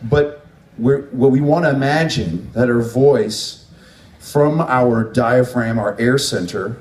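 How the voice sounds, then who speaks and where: A man's voice: medium pitch, takes it slowly, a little mellow. A man leading a vocal workshop, explaining singing technique and demonstrating sounds as he teaches. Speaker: vocal coach. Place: workshop room at a music event. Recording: echoey room, from far off.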